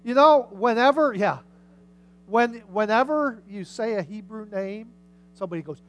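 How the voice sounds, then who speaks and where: A pastor preaching a sermon in a church service. The pastor talks casually, puts questions to the congregation, and reads scripture aloud, swinging between loud and soft. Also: medium pitch, a little slow, rough recording.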